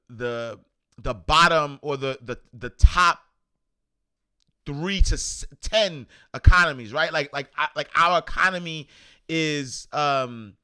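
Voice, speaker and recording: Man, host, casual news commentary, bright tone, smooth clear voice, rambling fillers. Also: on the high side. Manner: rambling, many fillers, animated when indignant.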